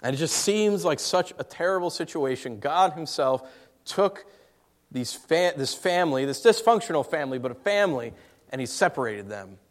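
A man preaching a sermon, telling a personal story in an emotional way that swings between hushed and raised. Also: on the high side, lively intonation, moderate pace.

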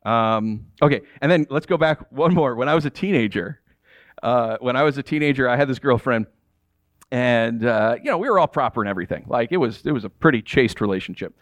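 Animated pastor man, lively storyteller. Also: medium pitch, brisk, no echo. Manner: animated storytelling, acts out quoted voices. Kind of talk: sermon.

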